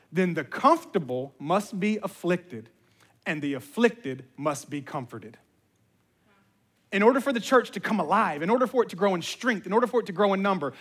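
Male pastor, 30s, high voice, animated sermon delivery that swells to near-shouting. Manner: animated storytelling, acts out voices, rising to shouts.

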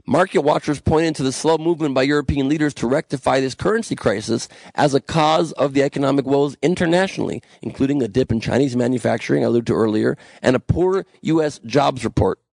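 A man's voice: medium pitch, brisk, creaky, a little mellow, no echo. A young man hosting a podcast, reading the news with sarcastic, ranting commentary and frequent swearing, recorded alone in a small room. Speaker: podcast host.

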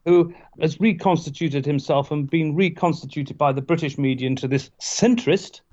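A man's voice: a little high, normal speed, darkish tone, lo-fi sound. A man guest telling a digressive story in a casual podcast conversation, wry and self-aware.

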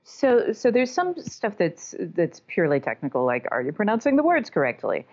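A woman's voice: medium pitch, wildly swooping pitch, moderate pace, a little mellow. A woman from the American South, an audiobook narrator and author, talking candidly and chattily in an interview, with a self-deprecating manner. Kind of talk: casual interview conversation. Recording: dull lo-fi sound.

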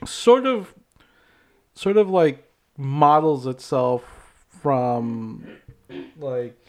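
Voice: medium pitch, very animated, extremely slow, darkish tone. A podcast co-host in casual chat, joking and asking questions about game settings, laughing often.

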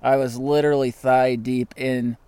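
Excitable male co-host, storyteller type, dry close sound, outdoor trip. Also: mid-range voice, normal speed, clear, resonant tone, no echo. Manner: excitable storyteller, laughs often. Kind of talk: casual chat on a canoe trip.

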